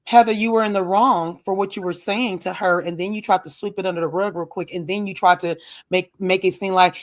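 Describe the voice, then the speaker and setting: Animated high-pitched man, dry close mic. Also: brisk, dry recording. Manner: animated, emphatic, talks in bursts. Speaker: podcast co-host. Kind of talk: casual recap chat.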